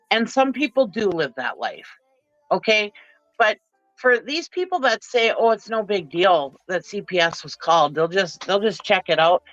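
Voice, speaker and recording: A woman's voice: medium pitch, fairly bright tone, dry recording. Middle-aged woman, impassioned panel guest, dry and lo-fi. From Minnesota. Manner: impassioned, ranting. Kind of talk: livestream panel chat.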